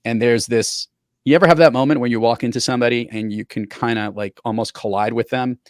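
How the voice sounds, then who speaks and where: A male podcast host and professional speaker, chatting in a loose, lively way that often slides into stories. His voice sits at an ordinary middle pitch, and the recording is close and dry with little room sound. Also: fast, dry recording. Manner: lively anecdotal storyteller. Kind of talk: casual podcast chat.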